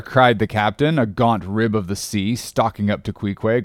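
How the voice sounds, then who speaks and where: A man narrating a classic sea story in an expressive, dramatic reading voice. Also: on the low side, moderate pace, hardly any pauses, dry recording, studio quality. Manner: expressive, rising with the action. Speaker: audiobook narrator.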